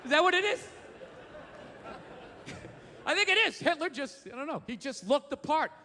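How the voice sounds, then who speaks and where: Loud ranting comedian man on stage. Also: very high voice, lively intonation, unhurried. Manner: ranting, shouting bursts, crude swearing. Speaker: stand-up comedian. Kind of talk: stand-up comedy set. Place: theater stage. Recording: live in a theater with long reverb and faint crowd noise.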